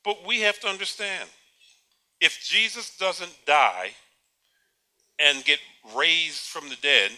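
High, sharp-voiced male preacher. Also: slow pace, pauses often. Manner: rhetorical questions, repeats words, chuckles at own points. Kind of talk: sermon.

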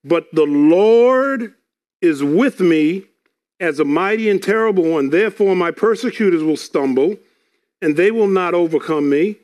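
A man's voice: high voice, expressive, unhurried, darkish tone. A man preaching a sermon, reading scripture aloud and explaining it earnestly, often repeating words.

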